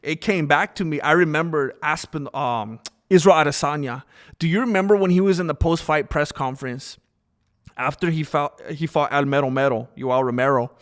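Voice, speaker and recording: A man's voice: fairly high pitch, moderate pace. A man streaming live, arguing and ranting in casual commentary. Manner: animated, argumentative ranting.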